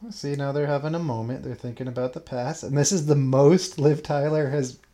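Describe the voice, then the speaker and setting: A woman's voice: extremely low pitch, steady tone, fairly quick, warm tone. A woman riffing on a movie in casual chat, with dry, sarcastic jokes. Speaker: podcast co-host.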